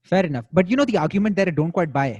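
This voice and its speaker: A man's voice: sits high, lively intonation, rapid-fire, darkish tone, no echo, lo-fi sound. A man in his late twenties with an Indian accent, hosting a casual podcast chat in a blunt way, swearing freely and often restarting. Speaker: podcast host.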